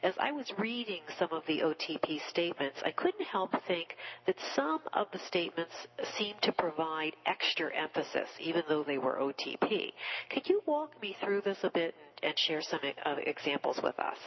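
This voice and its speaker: Low-voiced woman hosting a book show. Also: very animated, normal speed, breathy edge, muffled recording. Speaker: radio book show host. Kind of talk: radio interview.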